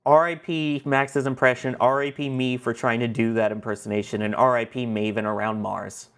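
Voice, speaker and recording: A man co-hosting a casual livestream reads viewer comments aloud and laughs often. His medium-pitched voice has fairly even intonation and a moderate pace, with a fairly bright, clear, resonant tone.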